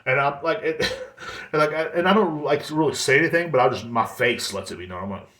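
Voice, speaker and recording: A man's voice: a little high, fairly quick, a bit bright. Profane, rambling man in an echoey room. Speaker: podcast host. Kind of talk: casual monologue.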